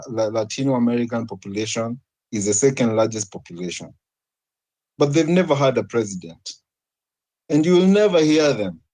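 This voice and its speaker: A man's voice: medium pitch, warm tone, poor audio. A man with a Kenyan accent making an earnest argument in a panel debate, posing rhetorical questions. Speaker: debate participant.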